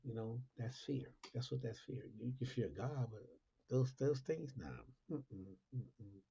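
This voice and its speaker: A man's voice: mid-range voice, unhurried, gravelly, mellow, breathy edge. A man hosting a casual Christian talk monologue, asking repetitive rhetorical questions and laughing often. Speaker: Christian talk show host. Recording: lo-fi dull recording.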